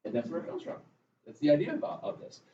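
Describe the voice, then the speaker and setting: A man's voice: fairly high pitch, huge pitch swings, quick pace, mellow, far from the mic, a little hiss or hum. A male math teacher, giving a casual, chatty classroom lecture and telling stories to his students. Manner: conversational, tells stories to the class. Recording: roomy classroom, voice from afar, dull sound.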